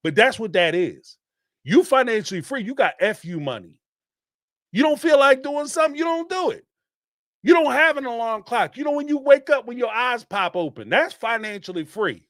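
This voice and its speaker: A man, hosting a podcast and ranting in an animated, emphatic way, with some swearing and repeated phrases. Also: very high voice, moderate pace, dry recording, studio quality. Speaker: podcast host. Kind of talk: casual commentary rant.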